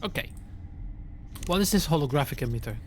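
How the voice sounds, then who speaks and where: A man's voice: a little high, expressive, a little fast, slight background noise. A tired man streaming a horror game, reading logs aloud and rambling with yawns.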